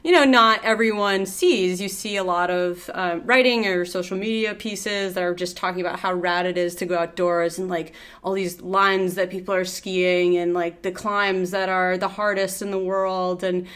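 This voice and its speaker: A woman's voice: on the low side, fairly even intonation, normal speed, few pauses, a bit bright, smooth. Chatty woman co-hosting a podcast. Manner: chatty, laughs easily. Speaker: podcast co-host. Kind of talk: casual podcast interview.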